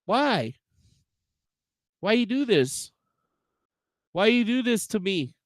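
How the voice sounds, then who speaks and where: A man streaming from his home setup, ranting casually and profanely, swearing at his own software. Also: sits high, big pitch swings, slow, dry recording, studio quality. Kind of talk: casual livestream rant. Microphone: desk microphone with noise gate.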